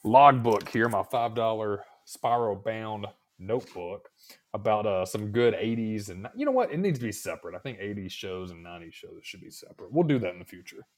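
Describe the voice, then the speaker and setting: A relaxed man co-hosting a podcast, reminiscing in crude, easygoing chat. His pitch sits mid-range but moves around a lot as he talks. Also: fairly quick. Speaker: podcast co-host. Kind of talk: casual profane chat.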